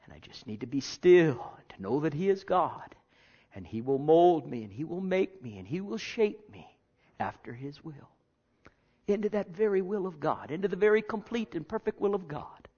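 A man preaching a sermon, reading scripture and then talking with big swings from loud declarations to hushed, almost whispered lines. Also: fairly high pitch, sing-song, normal speed, husky. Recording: dull lo-fi sound.

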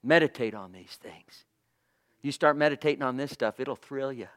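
A man preaching a fervent sermon, moving between hushed low passages and loud, emphatic proclaiming with repeated phrases and bursts of praise. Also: moderate pace. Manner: fervent, punctuated with praise exclamations.

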